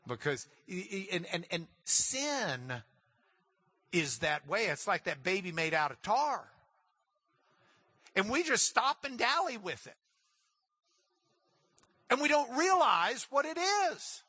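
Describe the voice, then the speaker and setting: Male Bible class teacher, animated and emphatic, repeats words when excited; lively delivery, dry close sound. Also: high voice, a little slow, long pauses, breathy edge, no echo.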